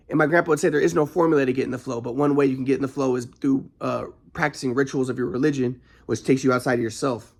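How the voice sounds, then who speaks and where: A man talking in a casual monologue, rambling with frequent restarts and halting stops, at times flaring into anger. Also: medium pitch, steady tone, gravelly. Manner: flares into anger.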